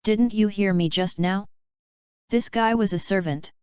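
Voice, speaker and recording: A woman's voice: mid-range voice, measured pace, darkish tone, clean tone, no room sound, lo-fi sound, close to an everyday voice. A woman voicing an arrogant, scornful boy heir of a noble clan. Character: haughty boy heir of the main family.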